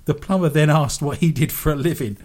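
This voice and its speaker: A man's voice: a little high, brisk, a little mellow. Wry man hosting radio. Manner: wry, jokey asides. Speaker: radio host. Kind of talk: comic storytelling on radio.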